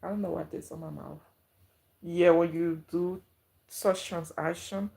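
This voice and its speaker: A woman's voice: on the low side, fairly even intonation, unhurried, gravelly, warm tone. A woman livestreaming from her home kitchen, chatting casually and gushing thanks to her viewers. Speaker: YouTuber livestreaming.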